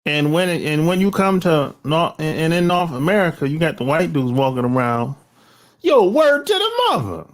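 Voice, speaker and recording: A man's voice: fairly high pitch, fairly quick, hardly any pauses. A middle-aged man hosting his own channel, talking bluntly in a rambling, slangy monologue with sighs, restarts and profanity. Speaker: channel host. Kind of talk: casual opinion monologue.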